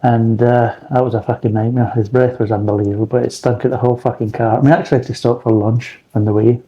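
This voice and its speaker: A man's voice: medium pitch, little pitch movement, quick pace, mellow, breathy edge, dull audio. A man reviewing beer in a rambling, blunt casual chat, swearing freely.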